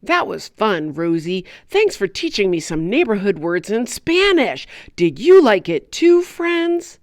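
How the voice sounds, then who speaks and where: A woman voicing an eager, forgetful little boy in a children's lesson, excitable and given to gasps. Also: mid-range voice, measured pace, no room sound, clean studio sound. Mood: excited. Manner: excitable, gasping, playful.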